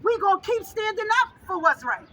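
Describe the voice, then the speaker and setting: A grieving mother speaking at an outdoor rally, fervent and repetitive, often rising to a shout. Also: extremely high pitch, very animated, brisk, slight background noise, rough recording. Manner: fervent, raises voice to a shout, repeats phrases. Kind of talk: impassioned protest speech.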